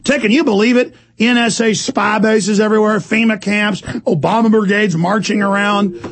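A hoarse man hosting a talk radio show, with fiery, sarcastic rants and shouting outbursts. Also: high-pitched, steady tone, moderate pace. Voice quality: gravelly. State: hoarse from screaming. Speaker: radio host. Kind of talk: heated talk radio ranting.

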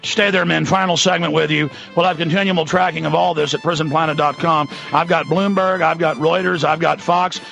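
Ranting high-voiced radio host. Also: male voice, fairly even intonation, fairly quick, creaky, few pauses, fairly bright tone, faint music behind. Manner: ranting, heated, hammering lists. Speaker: radio talk show host. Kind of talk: angry talk radio monologue.

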